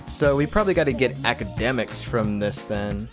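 A man's voice: medium pitch, animated, moderate pace. A man hosting a let's-play, chatting casually and reading game text aloud. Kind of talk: casual gameplay commentary. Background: game music.

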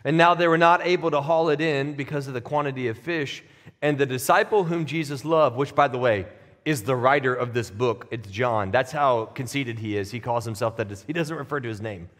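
A man's voice: mid-range voice, brisk, a bit bright, big-room sound. A man preaching a sermon as pastor, in a conversational, plain-spoken way that builds to emphatic peaks. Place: church sanctuary.

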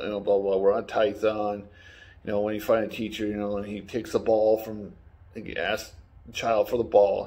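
Male channel host, lower voice, casual rambling spoiler recap, swears freely. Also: a little mellow. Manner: rambling, swearing, acts out quotes. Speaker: YouTube reviewer.

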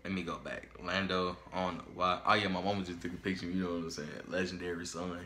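A man hosting a reaction video, talking casually and trash-talking excitedly, often repeating himself. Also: low-pitched, fairly quick, slight background noise. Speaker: YouTube reaction host.

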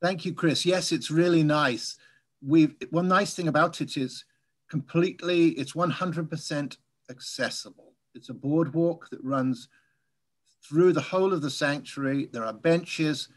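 A man from England whose English accent has softened over years in the US, a guest speaker telling relaxed, chatty stories in a Q&A over a video call. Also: fairly high pitch, measured pace. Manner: relaxed, chatty storytelling with light laughs. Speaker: guest speaker, birding tour leader. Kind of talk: casual Q&A after a talk.

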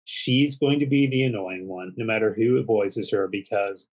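A man's voice: lowish voice, normal speed, darkish tone, low-quality recording. A man co-hosting a podcast, chatting casually with a wry manner. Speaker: podcast co-host. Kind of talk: casual chat.

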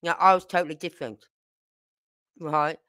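Brummie woman, middle-aged, lowish and forceful, blunt swearing storyteller talking to camera. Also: steady tone, moderate pace. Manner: blunt, salty, tells stories with acted quotes. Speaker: channel host.

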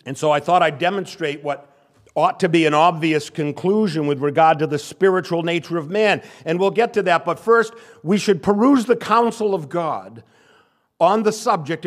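An older male pastor giving a sermon, stressing and repeating key phrases. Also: on the high side. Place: church sanctuary.

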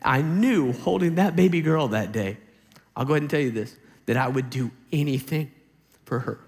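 A man in his thirties preaching to a youth camp in a conversational, animated way, raising his voice for emphasis. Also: mid-range voice, normal speed, in a large hall.

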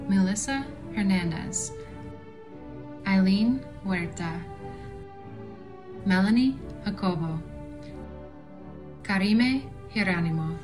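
A woman reads out the graduates' names one after another, slow and measured. Music plays clearly behind her voice. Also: mid-range voice. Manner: slow, measured name reading. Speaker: advisor reading graduates' names. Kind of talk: reading names aloud.

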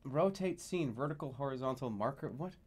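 A man streaming a video game, reacting loudly, swearing and laughing at what happens on screen. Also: mid-range voice, expressive, brisk, slightly rough. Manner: loud, exasperated, swearing and laughing. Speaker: streamer playing video games. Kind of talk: gaming commentary.

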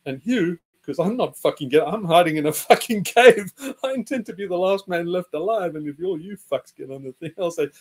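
Host: man, high voice, sardonic profane rant, mimics voices. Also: lively intonation, moderate pace, darkish tone. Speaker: podcast host. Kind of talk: casual rant.

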